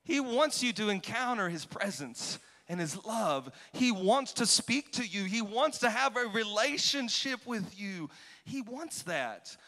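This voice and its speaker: Brief: pastor, man, high voice, fervent sermon delivery, echoing sanctuary. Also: very animated, unhurried. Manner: passionate, swings from quiet to shouting. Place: large church hall. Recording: long hall reverb.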